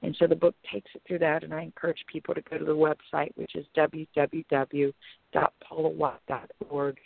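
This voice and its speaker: A woman pastor tells a story with earnest intensity, acting out her own thoughts along the way. Her voice has a gravelly edge. It comes through a thin, tinny phone line with no room sound. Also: deep voice, level tone, a little fast, no echo. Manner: earnest, dramatic retelling with quoted inner thoughts. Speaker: pastor and author guest. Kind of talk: emotional personal storytelling turning into preaching.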